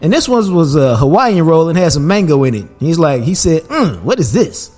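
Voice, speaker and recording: A man, hosting a podcast and telling a family story in a relaxed, casual way, laughing as he goes. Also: a little high, a little fast, soft background music. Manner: laid-back, laughs while telling stories. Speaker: podcast host.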